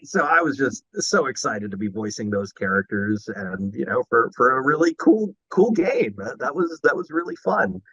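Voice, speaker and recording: A man guest telling stories in a casual interview, excitable and animated. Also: mid-range voice, moderate pace, hardly any pauses, breathy edge, dry recording, muffled recording. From Maryland, USA. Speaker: voice actor guest.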